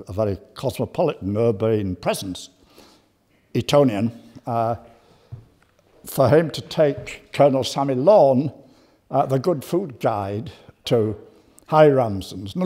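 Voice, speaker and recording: An older man giving a humorous lecture, hesitant with many "uh"s and dry, deadpan humour. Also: mid-range voice. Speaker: guest speaker.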